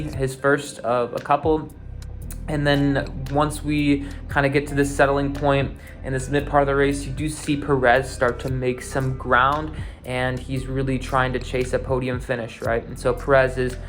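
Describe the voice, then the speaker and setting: A man hosting a show, giving a loose, unscripted recap of a car race, with lots of fillers and restarts. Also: medium pitch. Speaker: podcast host recapping a race.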